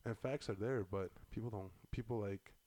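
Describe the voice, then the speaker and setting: A man co-hosting a podcast in casual political chat, rambling and profane, full of slang and loud outbursts. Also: lowish voice, steady tone, moderate pace. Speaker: podcast co-host.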